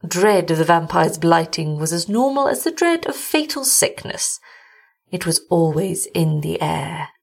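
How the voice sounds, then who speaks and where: A woman reading a gothic short story aloud as host of a story show. Her delivery is measured and deliberate, with a husky, breathy edge. Her voice sits fairly low for a woman. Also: sing-song. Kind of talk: scripted story narration.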